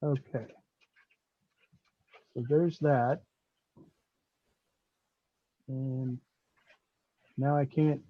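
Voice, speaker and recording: A man's voice: medium pitch, level tone, drawn-out words, long pauses, no room sound, lo-fi sound. A man playing in a tabletop game over voice chat, hesitant and fumbling with the game controls. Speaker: player. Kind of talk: casual tabletop play.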